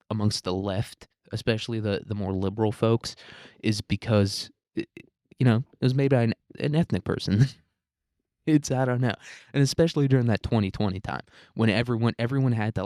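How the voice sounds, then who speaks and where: A man with a lowish voice hosts a solo comedic rant. He talks in a crude, sarcastic, rambling way and chuckles often. The recording sounds dry and close. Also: a little mellow, no room sound. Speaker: podcast host.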